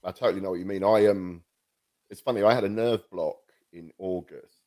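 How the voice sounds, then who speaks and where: On a new podcast mic, a male co-host with a low, mellow voice talks a little fast. The chat is casual, and he rambles, mocks himself, and keeps restarting his sentences.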